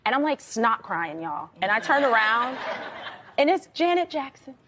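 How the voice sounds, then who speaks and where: A woman's voice: a little high, normal speed, noisy background. A woman guest on a talk show, telling a personal story and acting out the lines of the people in it. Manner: expressive storyteller, acts out quotes.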